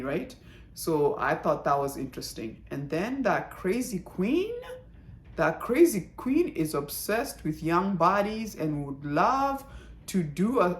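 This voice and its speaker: A chatty woman talks through a drama review in a casual, animated way, slipping into the characters' lines as she retells scenes. Her voice sits a little low, and the room around her is echoey.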